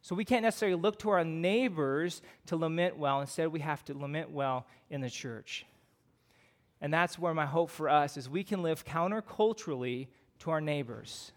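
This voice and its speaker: A middle-aged man with a Midwestern American accent delivers a sermon. His voice sits a little on the high side. He preaches casually, with fillers and frequent rhetorical questions to the congregation. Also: moderate pace. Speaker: pastor.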